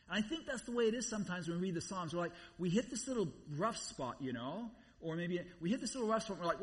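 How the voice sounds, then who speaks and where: A man preaching in a loose, conversational way, driving his points home by repeating phrases. His voice sits a little high for a man. The sound rings with a long reverb, as if in a large hall. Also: lively intonation, quick pace, few pauses. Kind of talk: sermon. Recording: long reverb, voice somewhat far from mic.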